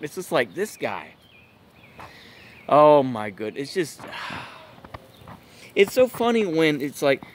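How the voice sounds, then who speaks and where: A man's voice: a little high, very animated, measured pace, long pauses, a little hiss or hum. Exasperated man ranting to camera. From United States. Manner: exasperated, incredulous, lots of filler like "it's just like" and "bruh". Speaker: channel host, political commentator. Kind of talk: ranting vlog commentary.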